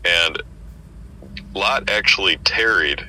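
Very deep, bright-toned man, hesitant. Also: slow pace, a little hiss or hum, rough recording. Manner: thoughtful, hesitant, searching for words. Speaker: street preacher. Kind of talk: casual Bible discussion.

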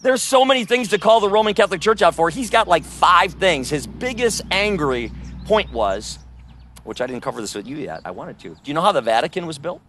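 A man preaching on the street, rebuking and arguing with a listener, his voice swinging between loud accusations and low, hushed asides. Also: sing-song, fairly quick, a little hiss or hum.

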